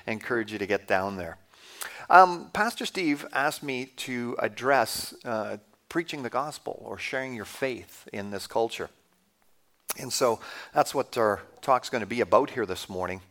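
A man's voice: mid-range voice, animated, measured pace, a bit bright. A Canadian man in his fifties preaching a conversational sermon to a congregation, asking the audience questions as he goes. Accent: Canadian English. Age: 50s. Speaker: guest speaker.

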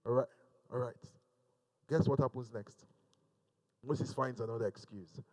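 A man's voice: medium pitch, a little slow, warm tone, poor audio. A male pastor preaching a sermon in a church service, emphatic and repeating phrases for emphasis.

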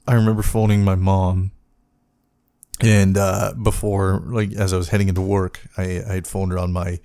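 A man hosting a personal podcast, talking in a halting, reflective way with many restarts. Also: low voice, warm tone, no room sound. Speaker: podcast host.

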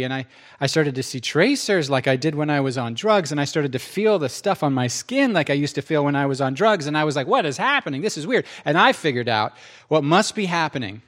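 Middle-aged male preacher, storytelling testimony, fairly high voice, lively swings in pitch. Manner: animated, self-interrupting, acts out quotes.

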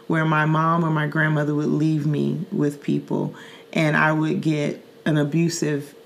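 A middle-aged woman from Saint Louis with a low voice tells a story from her own life on a podcast. She speaks earnestly and vividly, often repeating words and using fillers like "um" and "like" as she goes. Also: completely flat delivery, a little slow, creaky, a little hiss or hum. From Saint Louis, Missouri. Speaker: podcast host. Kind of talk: personal storytelling in casual chat.

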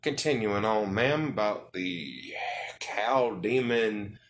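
A man's voice: fairly low pitch, slow, a little hiss or hum. A man hosting a podcast interview, joking, rambling and swearing freely. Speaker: podcast host. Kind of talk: casual interview chat.

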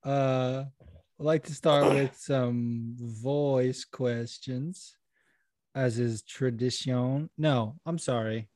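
A man's voice: medium pitch, steady tone, drawn-out words, darkish tone, no room sound. Male podcast co-host, loose and swearing, laughs a lot; dry close sound. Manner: profane, giggly, acts out voices in stories. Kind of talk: casual stoned chat.

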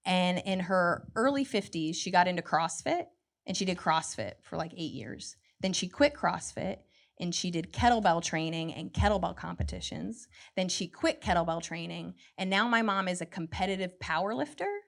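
A woman, performing a lively stand-up comedy set on a club stage with a handheld mic. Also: fairly low pitch, gravelly. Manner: animated, jumps into quoted voices, quick asides.

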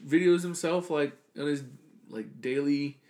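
A man's voice: on the high side, measured pace. A young man co-hosting a podcast, chatting casually and rambling with lots of fillers. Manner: rambling, heavy use of "like", animated storytelling. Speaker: podcast co-host. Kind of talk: casual chat.

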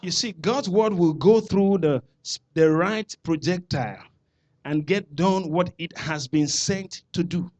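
A man with a Nigerian accent preaching a sermon, calling out to the congregation and building to shouted declarations. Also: sits high, unhurried. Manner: preaching with call-and-response, rising to shouts. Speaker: pastor.

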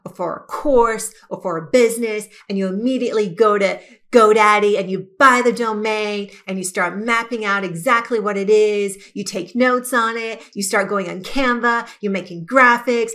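A woman hosting a podcast, giving an energetic, emphatic motivational talk and stretching key words for effect. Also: mid-range voice. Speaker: podcast host.

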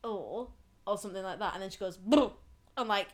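A woman's voice: medium pitch, flat delivery, rapid-fire, a bit bright. A young woman, co-hosting a casual podcast chat. She laughs often and acts out other people's lines as she tells stories. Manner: giggly, storytelling, acts out quotes. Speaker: podcast co-host.

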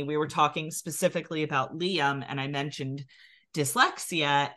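A woman's voice: low voice, sharp tone. A woman from New Jersey with a Philadelphia accent, co-hosting a podcast and telling a story in casual chat, full of "like" fillers. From New Jersey near Philadelphia. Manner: chatty storytelling, many "like" fillers. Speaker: podcast co-host.

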